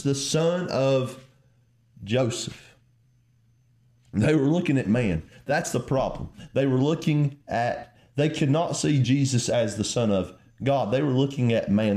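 A man preaching a fervent sermon, calling the listeners "friend" and swinging between quiet reflection and raised emphasis. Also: mid-range voice.

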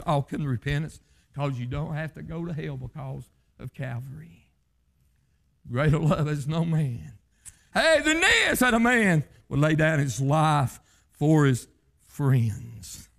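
A man preaching a revival sermon, rising into shouted, chanting lines and falling back low. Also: creaky. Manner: chanting revival-style sermon, pitch leaping up to shouts then dropping low.

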